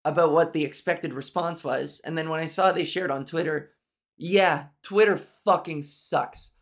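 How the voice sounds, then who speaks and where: This solo podcast host has a low, nasal voice with a steady tone and a moderate pace. She swears freely and speaks candidly, her monologue wandering along with restarts.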